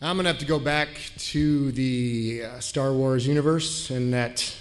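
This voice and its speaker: A man's voice: medium pitch, measured pace. A man competing as a panel contestant at a live comedy show, making sly bawdy jokes. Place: ballroom stage before a live audience.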